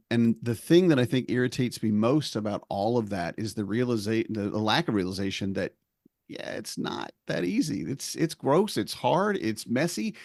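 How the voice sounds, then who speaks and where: A man in his forties hosting a podcast in casual chat, animated and acting out quotes. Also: mid-range voice, no room sound, clean studio sound. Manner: animated, acts out quoted voices. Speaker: podcast host, stay-at-home dad.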